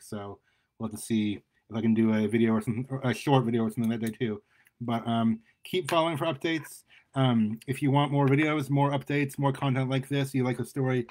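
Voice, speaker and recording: Male author reading his own story. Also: mid-range voice. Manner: relaxed, with restarts and fillers.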